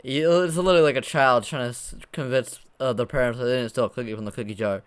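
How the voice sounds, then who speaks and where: Reaction host, male, smooth clear voice, incredulous and laughing, swears freely. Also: medium pitch, fast. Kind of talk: casual commentary over a video.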